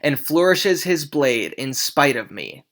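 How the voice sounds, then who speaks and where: A teacher reading a blustering old nobleman's lines aloud, loud and demanding. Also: medium pitch, sing-song, takes it slowly.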